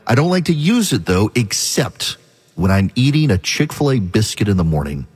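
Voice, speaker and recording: Husky-voiced man ranting on talk radio. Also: lowish voice, sing-song. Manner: brisk, argumentative, direct address to listeners. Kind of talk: opinionated talk radio monologue.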